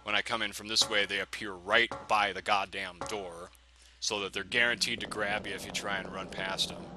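A man's voice: on the low side, flat delivery, normal speed, poor audio. A man commentating his own video game play, swearing and ranting in frustration at the enemies. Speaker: let's play gamer. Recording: game music clearly behind the voice. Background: game music.

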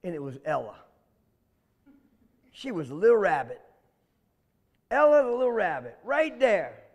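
A man's voice: high-pitched, sing-song, unhurried, long reverb tail. A man, telling a children's story in a playful, chatty way and asking the children questions.

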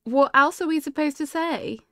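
A young woman with a high-pitched, fairly bright voice chats casually at a normal pace on a live game stream. She giggles and greets viewers by name while she plays.

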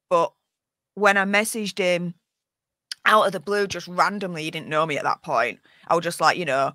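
A woman's voice: fairly low pitch, pushed and bright, dry recording. A woman from Yorkshire with a Yorkshire accent, telling stories as a podcast guest in casual chat. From Yorkshire, England. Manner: chatty storyteller, quick asides.

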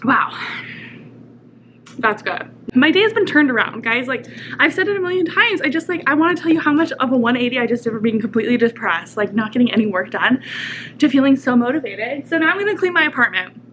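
A young woman with a high, bright voice talks straight to her camera in a loose, rambling vlog, tossing in "like" constantly. She sounds close to the camera in her apartment, with a faint hum of room ambience behind her. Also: a little fast, low-quality recording. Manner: rambling, lots of "like" fillers, animated. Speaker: vlogger. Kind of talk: casual chatty vlog. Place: apartment, indoors.

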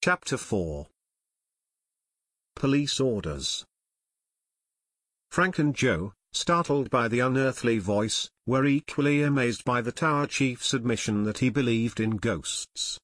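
A man narrating a full-length audiobook in a steady storytelling manner. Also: medium pitch, slow, no echo, studio quality. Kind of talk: scripted narration.

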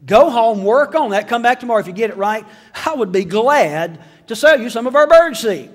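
A high-pitched middle-aged man delivers a sermon. He tells homespun stories and cracks jokes along the way. His voice carries a long reverb, as if filling a church sanctuary. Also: expressive, a little fast, hardly any pauses. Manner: folksy storytelling with jokes and voiced asides. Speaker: pastor.

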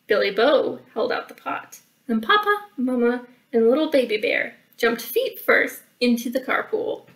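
Storytime librarian, high voice, unhurried, chatty kid-friendly asides. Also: female voice, sing-song, distant mic, low-quality recording. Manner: chatty asides, counting out math for kids. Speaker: children's librarian. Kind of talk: reading a picture book aloud.

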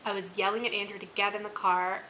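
Fast and sharp, with a level tone at medium pitch, this channel host in her thirties recounts a creepy experience of her own. She rambles chattily, leaning on fillers and laughing as she talks. Audio quality is poor, with a bit of background noise.

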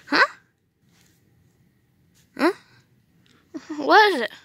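A woman's voice: high voice, slow pace, long pauses, fairly bright tone, no echo. A woman telling a playful role-play story in a chatty, sighing way. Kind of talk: toy role-play narration.

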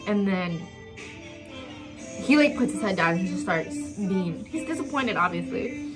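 A young woman tells a personal storytime while getting ready on camera, rambling through fillers and halting restarts. Her voice sits at a middle pitch, with emotion close to the surface. Music plays underneath. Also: lively intonation. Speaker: beauty vlogger. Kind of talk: storytime while doing makeup. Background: background music.

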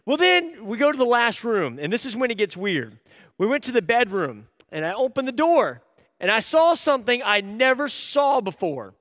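A man in his thirties giving a sermon as an animated, self-deprecating storyteller. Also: extremely high pitch, normal speed, no echo, clean studio sound, big-room sound. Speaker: church staff speaker.

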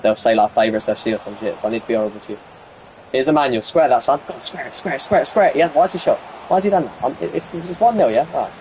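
A young man live-streaming a football video game, bantering with teammates over voice chat and shouting at the plays. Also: mid-range voice, racing, slight background noise.

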